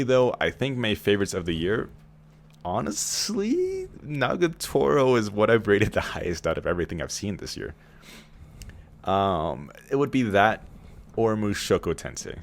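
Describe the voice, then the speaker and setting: A man's voice: deep voice, creaky. A man co-hosting a casual podcast over a call, rambling and swearing a little, speaking in a raised customer-service voice. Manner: rambling, swears when frustrated. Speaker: podcast co-host.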